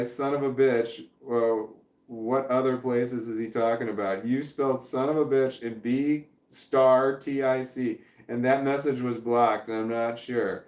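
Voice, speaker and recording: A man's voice: mid-range voice, a little mellow. Rambling man with a roomy echo. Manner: rambling, reads viewer comments aloud and chuckles. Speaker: livestream host. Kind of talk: casual livestream chat.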